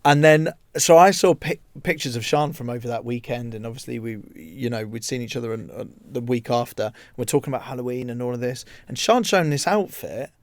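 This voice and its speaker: A man's voice: mid-range voice, fairly quick, hardly any pauses, no room sound. A British man radio host telling self-mocking anecdotes in casual chat.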